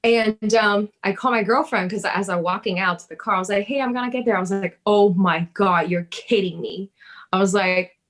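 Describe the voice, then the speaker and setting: A woman's voice: medium pitch, moderate pace. Laughing woman telling a story. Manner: animated, swears, laughs, acts out her own past words. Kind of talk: casual storytelling chat.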